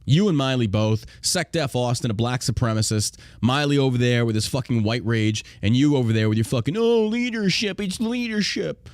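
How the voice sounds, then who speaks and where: A man's voice: medium pitch, a little fast, hardly any pauses, a little mellow, no room sound. A man hosting a podcast, ranting in a profane, combative and indignant way. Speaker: podcast host.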